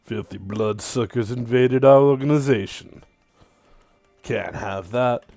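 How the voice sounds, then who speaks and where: A man's voice: mid-range voice, measured pace, dark tone, no echo, faint music behind, close to an everyday voice. A man voicing a brash, cruel male cowboy vampire hunter who boasts and threatens. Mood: gruff. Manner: boastful, menacing, leering.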